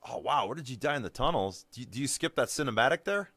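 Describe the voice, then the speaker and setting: A male streamer giving casual gameplay commentary, excitable and swearing freely. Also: mid-range voice, fast talker, slightly rough, dry recording.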